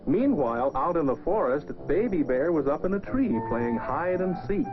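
A man's voice: fairly high pitch, expressive, moderate pace. Lilting male storyteller over music. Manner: gentle, lilting, addresses children. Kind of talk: scripted narration of a children's story. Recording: dull lo-fi record with music.

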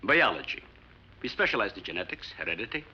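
In a 1950s film, an actor plays an older research scientist and father, lecturing earnestly and emphatically. His lowish, husky voice is pushed and bright, fast with big pitch swings, a full character voice. The old soundtrack is muffled, with music.

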